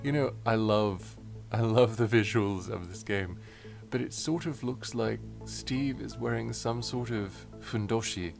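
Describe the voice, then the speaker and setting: A man's voice: lowish voice, a little slow, vocal fry, a little mellow, soft background music. A man giving playful game commentary while reading dialogue aloud. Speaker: let's player.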